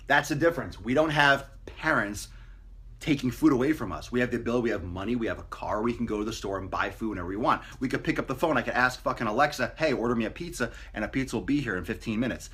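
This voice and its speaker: A man's voice: medium pitch, fast, a bit bright, husky. A man talking casually to camera as a fitness coach, blunt and profane, mocking people with put-on voices. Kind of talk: casual motivational talk to camera.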